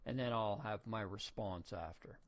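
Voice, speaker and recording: A man's voice: on the low side, moderate pace. Man rambling through folksy rhetorical questions. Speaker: podcast host. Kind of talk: casual opinion monologue.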